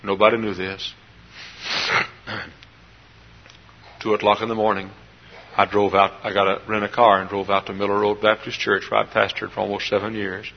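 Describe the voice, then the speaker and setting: A middle-aged man from Texas, a pastor preaching a sermon in a church. He climbs into loud emotional peaks, then drops back to quiet, confiding storytelling. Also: on the low side, little pitch movement, normal speed, vocal fry, pauses often, a little hiss or hum. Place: church sanctuary. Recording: dull lo-fi sermon tape.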